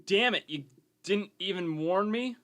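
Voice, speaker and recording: Excitable swearing young man, higher voice. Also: a little slow. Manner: excitable, swears, jumps in loudly. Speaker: podcast co-host. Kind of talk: casual nerd chat.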